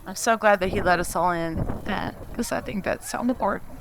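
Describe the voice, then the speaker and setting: A woman giving a eulogy at a memorial, telling a personal story in a halting, emotional way and laughing through it. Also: medium pitch, gravelly, slight background noise. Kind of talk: memorial speech, personal anecdote. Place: memorial gathering.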